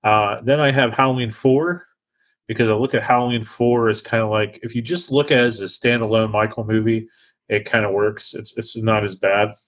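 Male podcast host, low voice, casual and chatty, stumbles and restarts. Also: steady tone, normal speed.

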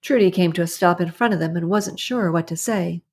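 A woman narrating an audiobook in a steady, even storytelling manner. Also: fairly low pitch, brisk, breathy edge. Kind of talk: scripted narration.

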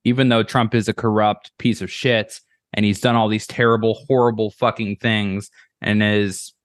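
A man with a fairly low voice talks earnestly as a podcast guest, rambling and swearing as he works through his points. He often restarts his sentences. The sound is dry and close to the mic. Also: level tone, moderate pace, no echo. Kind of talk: casual podcast chat.

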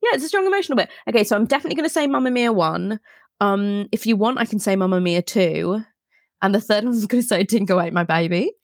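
A woman's voice: mid-range voice, a little fast, no room sound, studio quality. A British woman, a podcast guest, chatting animatedly and jumping between thoughts with frequent laughter. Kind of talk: casual chat.

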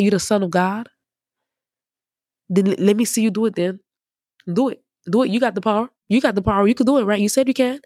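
A woman's voice: medium pitch, warm tone, no echo, clean studio sound, natural voice. A jeering mocker, as a woman puts him on, goading and repetitive. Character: jeering crowd member taunting a prisoner.

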